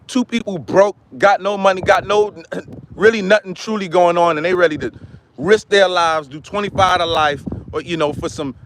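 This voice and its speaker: A man's voice: sits high, fairly bright tone, slight background noise, poor audio. A man hosting his own commentary channel, giving a heated, repetitive monologue. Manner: impassioned, repetitive, restarts often.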